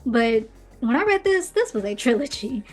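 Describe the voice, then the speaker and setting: A woman hosting her own book podcast, talking in a chatty, opinionated way and tossing in playful asides as she recaps the story. Her voice sits a little high. Soft music plays faintly underneath. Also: sing-song, moderate pace. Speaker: podcast host reviewing books. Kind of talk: casual commentary. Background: faint background music.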